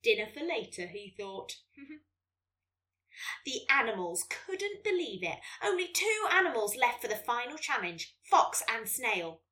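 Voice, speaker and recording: A woman, hosting a children's podcast and reading a story in a gentle, lively way. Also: on the high side, unhurried, hardly any pauses, recorded from a distance.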